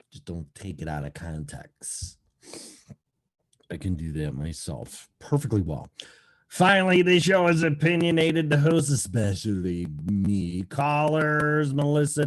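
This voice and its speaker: A man hosting a casual live talk stream from home, rambling, sarcastic and full of swearing. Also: mid-range voice. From Colorado. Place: at home, audio only.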